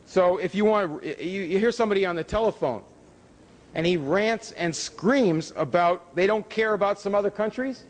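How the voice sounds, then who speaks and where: A man giving a public lecture with slides, emphatic, with pitch rising on key words. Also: normal speed. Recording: hall reverb from a lecture room.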